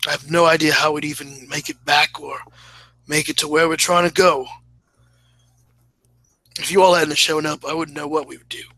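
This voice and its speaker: A man's voice: fairly high pitch, steady tone, normal speed, pauses often, bright, forceful tone, poor audio. A man playing a weary lizard folk leader.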